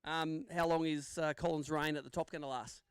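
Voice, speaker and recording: A man's voice: a little high, fairly even intonation, moderate pace, smooth, dry recording. A man emceeing a live fishing tournament weigh-in outdoors, bantering with the anglers. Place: outdoor lakeside weigh-in stage.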